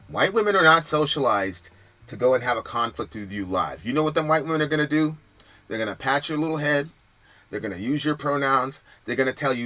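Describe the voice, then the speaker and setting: A man's voice: mid-range voice, expressive, quick pace, bright, forceful tone. A man hosting a political commentary stream, talking in a heated, emphatic and profane way. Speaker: host.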